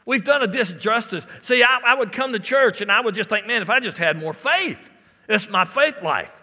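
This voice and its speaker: A man's voice: sits high, animated, normal speed, bright, forceful tone, in a large hall. A man preaching a sermon as a pastor, repeating phrases and calling out to the congregation in a church. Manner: preaching with repetitions and call-outs to the congregation. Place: church sanctuary.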